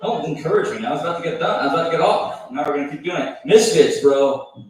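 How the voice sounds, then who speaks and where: At an open mic on a bar stage, a man with a slightly high voice, lively intonation and quick pace does a crude, offhand stand-up set, working the crowd and mocking his own jokes. The room is echoey and he was taped from far off.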